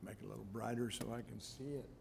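A man preaching a sermon, reading scripture and praying in an unhurried, halting way with fillers. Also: lowish voice, steady tone, noisy background. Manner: slow, gravelly delivery with hesitant fillers. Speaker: pastor.

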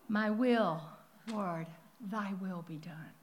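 An older woman preaching a sermon, telling stories with lively acted-out quotes. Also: medium pitch, a little slow. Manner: animated storytelling with acted-out quotes.

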